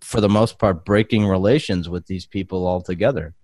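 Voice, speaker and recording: A man with a very deep, low voice hosts a podcast and talks through episodes in a rambling, unhurried way, full of fillers. The sound is close and dry. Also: darkish tone, no room sound. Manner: rambling, hesitant recap with many fillers. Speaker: podcast host. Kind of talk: casual chat.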